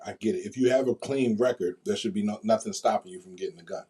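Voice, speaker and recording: A man's voice: on the low side, fast talker, mellow, breathy edge. A man hosting a casual radio talk show, joking in street slang and often asking "you feel me?". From Chester, Pennsylvania, USA. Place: small radio studio.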